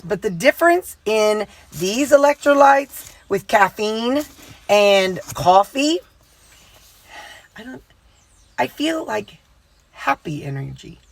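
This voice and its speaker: A woman's voice: medium pitch, dry recording. A middle-aged woman chatting casually in a rambling, folksy vlog. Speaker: vlogger.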